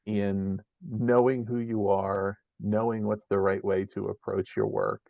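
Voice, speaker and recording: This man has a low, gravelly voice with a lot of fry. He hosts a podcast and thinks out loud in long, winding sentences. The audio is a little dull and lo-fi. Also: flat delivery, unhurried, no echo. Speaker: podcast host. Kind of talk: conversational interview. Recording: slightly muffled lo-fi audio.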